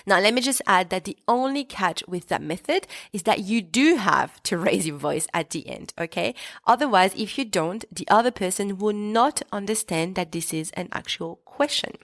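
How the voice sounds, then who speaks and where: Woman teaching French, patient and clear. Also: medium pitch, expressive, normal speed, dry recording, studio quality. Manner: clear, patient explaining with spoken French examples. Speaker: French teacher and podcast host. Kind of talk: scripted podcast lesson.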